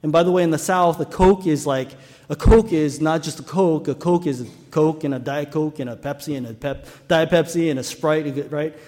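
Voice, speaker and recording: A man's voice: on the high side, moderate pace, hardly any pauses, a little mellow, long reverb tail. A male pastor preaching a sermon, telling stories and asking the congregation rhetorical questions.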